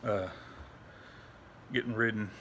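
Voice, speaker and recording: A young adult man, a veteran, talking candidly at home into his phone, frustrated and halting, swearing a lot and restarting his sentences. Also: fairly low pitch, steady tone, fairly bright tone, slight background noise. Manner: frustrated, rambling, heavy swearing. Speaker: veteran vlogger. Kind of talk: candid personal vlog.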